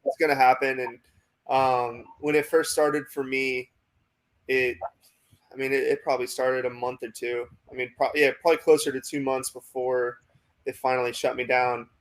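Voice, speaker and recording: A young man with an American accent, a minor league pitcher telling a long story in a casual interview, full of "like" and "um". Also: level tone, normal speed. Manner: rambling, many fillers like "like" and "um".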